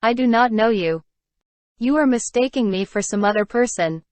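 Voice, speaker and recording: A woman voicing a calm, courteous elderly gentleman held captive, speaking in a measured way in a storybook reading. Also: fairly high pitch, no room sound, natural voice. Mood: calm polite.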